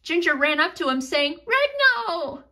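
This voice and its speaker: A woman's voice: high-pitched, animated, moderate pace, bright, forceful tone. A woman telling a story in a casual, chatty way, breaking off for asides to her listeners.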